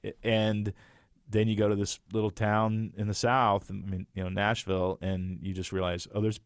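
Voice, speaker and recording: A man's voice: on the low side, moderate pace, clean tone, dry recording, clean studio sound. A middle-aged man, a guest author, telling stories in casual conversation, acting out quotes and laughing often. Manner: animated storyteller, acts out quotes, laughs often. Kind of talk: casual storytelling chat.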